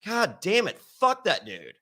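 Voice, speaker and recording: Brash man from Virginia, fairly high voice, animated raconteur with constant profanity. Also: measured pace. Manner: animated, acts out quotes in raised voice, heavy swearing. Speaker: interview guest. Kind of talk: casual storytelling with profanity.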